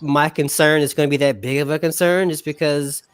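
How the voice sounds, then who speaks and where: A man's voice: a little high, steady tone, a little fast, clear, resonant tone, no echo. A man co-hosting a casual reaction chat over a remote call, rambling with frequent restarts. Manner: rambling, restarts often, laughs easily. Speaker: podcast co-host.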